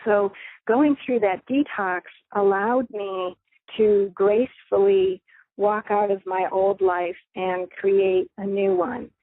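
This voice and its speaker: A woman's voice: medium pitch, fairly even intonation, takes it slowly, no room sound. A middle-aged woman, a radio host, telling her personal story in an earnest, reflective way with small laughs. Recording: thin phone-line audio, dry.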